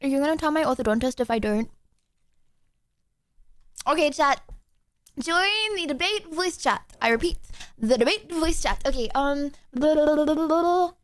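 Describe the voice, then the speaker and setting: Young female streamer, high bright voice, chatty filler-heavy casual talk, dry sound. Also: a little slow, pauses often, dry recording. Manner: chatty, bubbly, full of "like" fillers. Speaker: streamer host. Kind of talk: casual livestream chat.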